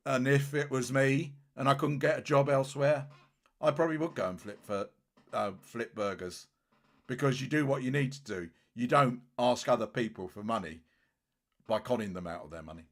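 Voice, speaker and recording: A man hosting a livestream and talking off the cuff. He is blunt and scornful, and he rambles and restarts his sentences as he goes. His voice sits at an ordinary middle pitch. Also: moderate pace. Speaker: livestream host. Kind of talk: casual livestream commentary.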